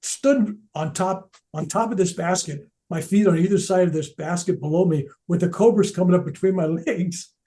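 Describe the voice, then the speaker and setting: At a veterans event, an older man shares personal spiritual stories in a loose, unscripted style, speaking at a normal speed with hardly any pauses. His warm, mellow voice runs slightly high for a man, and he animates the telling, often stumbling, restarting sentences, and dropping to near-whispers for emphasis.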